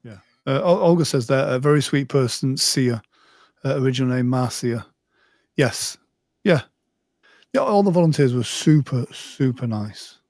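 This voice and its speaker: A man's voice: mid-range voice, expressive, normal speed, a little mellow, no room sound, studio quality. A man, a guest hypnotist in a casual video-call chat, chatting and reading comments aloud.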